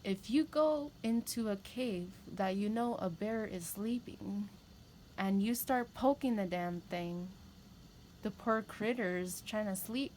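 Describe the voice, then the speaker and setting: A woman's voice: mid-range voice, a little slow, darkish tone, slight background noise, poor audio. A woman giving a tarot reading, talking candidly and rambling, with emphatic repeats. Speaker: tarot reader. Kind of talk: casual spiritual talk to camera.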